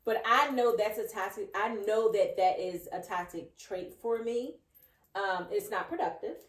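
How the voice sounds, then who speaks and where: A woman's voice: mid-range voice, unhurried, distant mic. A woman co-hosting a podcast, blunt and outspoken in casual chat. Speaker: podcast co-host. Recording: echoey room, a bit off-mic.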